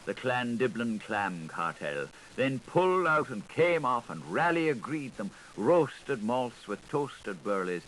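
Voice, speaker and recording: A man's voice: medium pitch, big pitch swings, a little slow, few pauses, low-quality recording. Lilting male audiobook reader, faint hiss. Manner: lilting, sing-song recitation with wide swings in loudness. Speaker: audiobook narrator. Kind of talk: unabridged literary audiobook reading. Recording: 1980s studio tape, faint hiss.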